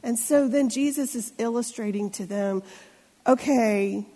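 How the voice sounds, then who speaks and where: A woman's voice: fairly high pitch, moderate pace, warm tone. A middle-aged woman pastor preaching a sermon in a church, talking in a conversational way and often asking the congregation questions. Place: church sanctuary. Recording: long church reverb.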